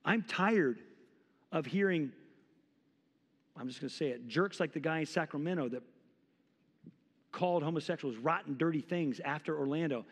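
A man's voice: on the high side, moderate pace, long pauses, long reverb tail. A man in his forties preaching a sermon as pastor, impassioned and conversational, acting out quotes. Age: 40s. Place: church sanctuary.

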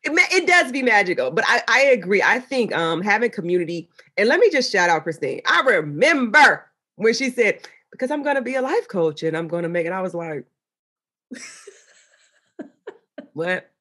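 Animated husky woman telling stories. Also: fairly quick. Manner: animated storytelling with excited high quoted voices. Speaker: interview guest. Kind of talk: casual interview chat.

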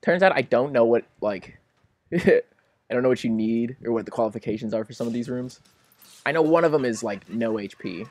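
Excitable young man with a lively voice. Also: mid-range voice, fairly quick, dry recording. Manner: excitable, melodramatic, swings between pleading and laughing. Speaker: gaming commentator. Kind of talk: casual let's-play commentary.

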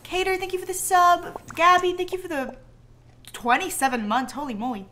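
A young woman streaming a cozy game, chatting casually in a giggly, playful, animated way and thanking her viewers. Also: very high-pitched, moderate pace, a little hiss or hum. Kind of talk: casual gameplay chat. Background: faint game music.

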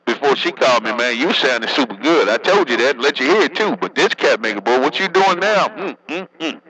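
A man's voice: medium pitch, expressive, brisk, bright, forceful tone, muffled recording. A working man chatting casually over a CB radio, joking in loose slang and laughing often. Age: adult, working. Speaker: CB radio operator.

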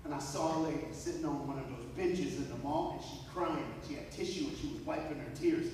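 Guy telling stories to a gym full of kids, kinda high voice, big echo from far off. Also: brisk, slight background noise. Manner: animated storytelling, talks straight to the kids. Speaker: motivational speaker. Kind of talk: motivational talk to students. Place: large school gym. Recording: echoey gym heard from far off.

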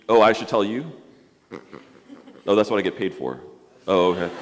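A man, a pastor, giving a gentle children's sermon, coaxing a puppet and stumbling over restarts as he talks. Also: low voice, moderate pace, long pauses. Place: church sanctuary. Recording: long church reverb.

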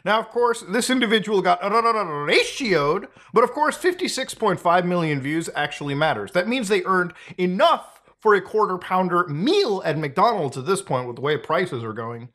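A man's voice: high voice, very animated, moderate pace, hardly any pauses, a bit bright. A man hosting a casual commentary, sarcastic and often breaking into laughter. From North America. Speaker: commentary host.

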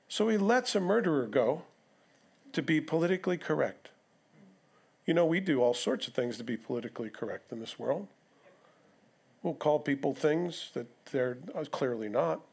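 A pastor's fairly high voice, creaky with a breathy edge, carries through a church sanctuary as he preaches an expository sermon. He keeps it conversational, asking rhetorical questions and addressing asides to the congregation.

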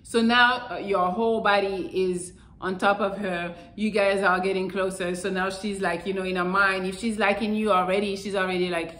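A woman's voice: medium pitch, moderate pace, hardly any pauses, fairly bright tone, roomy sound, poor audio. A woman giving casual, frank dating advice, swearing freely as she talks. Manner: frank and profane, acts out little quotes. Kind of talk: casual advice talk to camera.

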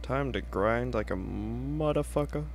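A man's voice: medium pitch, unhurried, vocal fry, a little hiss or hum. A young man casually commenting while playing a video game, laid-back and chatty, swearing now and then. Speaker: let's play host.

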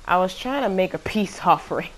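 Woman talking over her game clips, kinda low voice, rambly and fed up, chatty. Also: lively intonation, a little fast, slight background noise. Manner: chatty, exasperated, rambling with fillers. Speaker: gaming channel host. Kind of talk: casual gameplay commentary.

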